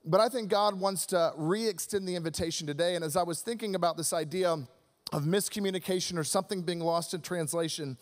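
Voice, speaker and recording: A male pastor preaching a Christmas sermon in an energetic, conversational way, calling out to his audience. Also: sits high, fairly quick.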